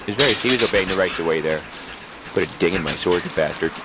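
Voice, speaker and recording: A man with a Canadian accent giving deadpan comic narration with rambling asides. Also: deep voice, very fast, background noise. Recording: dull lo-fi recording.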